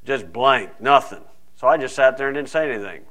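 A man's voice: mid-range voice, lively intonation, fairly quick, a bit bright. A man preaching a folksy, conversational sermon full of asides. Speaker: pastor.

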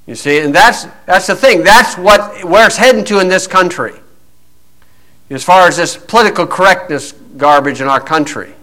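A man preaches bluntly and scornfully, chatty and folksy, with plenty of fillers. His voice sits high for a man and sounds bright and forceful. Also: moderate pace, low-quality recording.

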